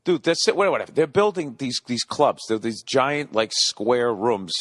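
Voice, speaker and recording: A man's voice: medium pitch, animated, moderate pace, fairly bright tone, dry recording. A man in his forties hosting a solo comedy podcast, ranting profanely and rambling, scolding himself back on topic. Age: 40s. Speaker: podcast host.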